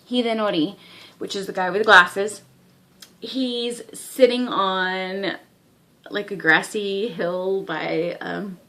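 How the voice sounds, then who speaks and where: Giggly young woman reviewing anime. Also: mid-range voice. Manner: excitable, giggly, lots of "like" fillers. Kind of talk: casual vlog review.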